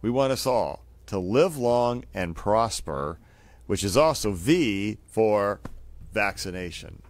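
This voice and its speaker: A man's voice: fairly low pitch, lively intonation, slow, no room sound. A man who is a doctor and co-host, speaking earnestly and sincerely to viewers.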